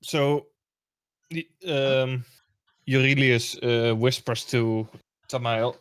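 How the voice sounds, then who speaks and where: A man playing a tabletop role-playing game, speaking hesitantly with halting restarts. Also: mid-range voice, steady tone, smooth, dry recording. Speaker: player. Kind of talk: casual tabletop game play.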